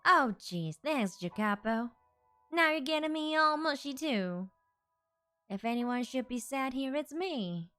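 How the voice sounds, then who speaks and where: A woman's voice: high-pitched, expressive, measured pace, bright, forceful tone, clear, resonant tone, faint music behind, voice pushed up, full character voice. A woman voicing a fond, teasing young woman in a game read-along. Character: teasing young woman leaving her friend.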